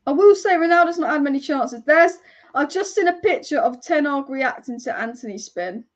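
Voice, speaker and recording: A young woman hosting a live football watch-along, chatting excitably and swearing casually as she reacts to the match. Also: high voice, moderate pace, highs cut off. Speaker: football fan channel host.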